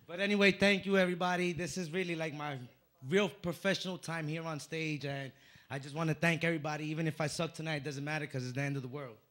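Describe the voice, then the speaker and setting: A man from the Dominican Republic works a comedy club stage into a handheld mic, his voice sitting a little high and bright with some edge to it. He delivers a stand-up set, telling stories punchily and acting out the voices. A faint room noise sits behind him. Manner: punchy, animated storytelling with acted-out voices.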